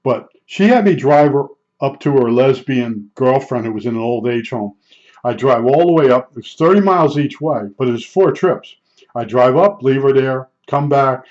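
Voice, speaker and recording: Older man, mid pitch, rambling blunt storyteller; dull lo-fi audio. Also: lively intonation, moderate pace, darkish tone. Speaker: vlogger. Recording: dull lo-fi sound.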